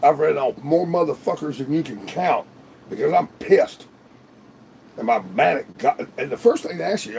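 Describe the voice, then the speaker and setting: A man's voice: on the high side, lively intonation, normal speed, vocal fry, a little mellow, a little hiss or hum. A man hosting a livestream in casual, rambling chat, swearing freely and laughing often. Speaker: livestream host. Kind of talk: casual live-stream chat.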